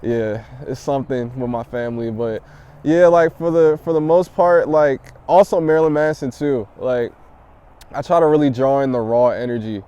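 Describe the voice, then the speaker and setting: A young rapper from the DMV area talks through his story outdoors in the city, cursing freely and getting animated. His voice is low-toned and mellow, smooth and resonant, and passing traffic sits behind him. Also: normal speed, highs cut off. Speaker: rap artist interviewee. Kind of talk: casual interview answers.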